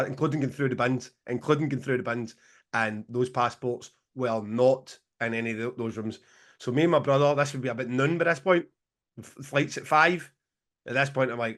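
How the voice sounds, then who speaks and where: A man in his forties co-hosts a podcast, spinning a long and animated story in casual chat. He swears freely and breaks into laughter now and then, his voice sitting at an ordinary middle pitch. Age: 40s. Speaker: podcast co-host.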